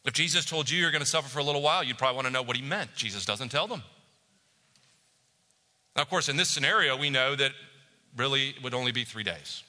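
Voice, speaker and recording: A man preaching a sermon as a pastor, telling stories with animation and dropping to a hush for reflective moments. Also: mid-range voice, expressive, quick pace, long pauses, long reverb tail.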